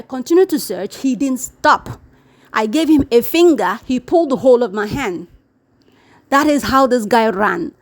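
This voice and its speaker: High-voiced woman chatting to camera. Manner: animated, repeats words, mimics quoted people. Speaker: YouTube vlogger. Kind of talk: casual to-camera chat. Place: living in Brazil.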